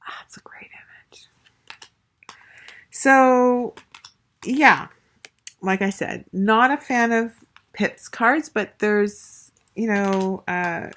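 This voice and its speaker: A woman's voice: a little high, very slow, fairly bright tone. A woman casually reviewing a tarot deck, gushing and chatty, with lots of fillers and restarts. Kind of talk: casual show-and-tell review.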